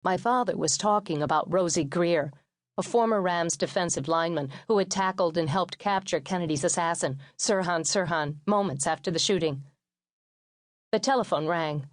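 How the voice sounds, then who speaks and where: A woman reads a memoir audiobook in a steady, measured way, her voice sitting fairly low. The sound is dry and close, as from a studio microphone, with no room around it. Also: no room sound. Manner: steady, measured reading with lightly acted quotes. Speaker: audiobook narrator.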